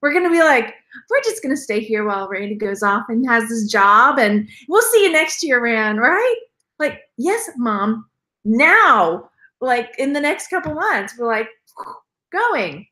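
A woman's voice: fairly high pitch, sing-song, unhurried, sharp tone. Chatty Texan woman in an echoey room. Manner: chatty, rambling, laughs often, acts out quoted voices. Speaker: reseller vlogger. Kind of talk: casual live-stream chat.

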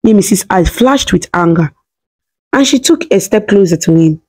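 A woman reading a scripted story in a steady, dramatic way. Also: mid-range voice, normal speed, slightly rough.

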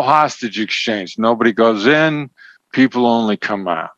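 A man as an interview guest, explaining negotiation points in a measured, emphatic teaching tone. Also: medium pitch, fairly bright tone, no room sound. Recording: dull, slightly lo-fi sound.

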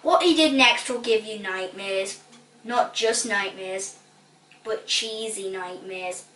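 Woman, playful storybook reading, lively, bright voice, roomy echo, distant mic. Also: medium pitch, slow pace, a little hiss or hum. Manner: lively, playful, relishing funny words. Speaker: storybook reader. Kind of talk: expressive children's book reading.

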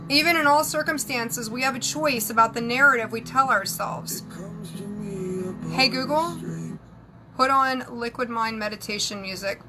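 A woman's voice: on the high side, normal speed, over music, low-quality recording. A woman with a Southern US accent, a psychic and spiritual advisor chatting candidly with viewers on a live stream while she does her hair and makeup. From Southern United States. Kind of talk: casual live-stream chat.

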